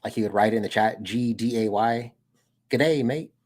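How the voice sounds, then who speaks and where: A man's voice: on the low side, flat delivery, brisk, darkish tone. A young American man hosting a casual livestream, rambling in a laid-back way and saying "dude" a lot. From United States. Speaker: streamer and channel host.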